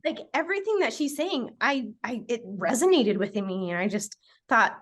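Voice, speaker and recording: A woman in her thirties with a fairly high voice talks through her story in an earnest, rambling way. She fills her sentences with "like" and "just" and breaks into laughs often, sounding like a guest chatting on a live show. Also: lively intonation, moderate pace, fairly bright tone. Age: 30s. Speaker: guest, nutrition client. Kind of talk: casual interview chat.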